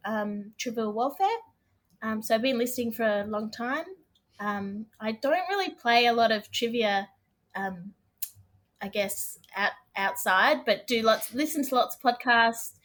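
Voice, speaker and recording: A woman's voice: fairly high pitch, normal speed, fairly bright tone. A woman in her thirties with an Australian accent chatting casually as a podcast guest, friendly and a bit hesitant. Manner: friendly, hesitant with frequent ums. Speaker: guest contestant. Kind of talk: casual chat.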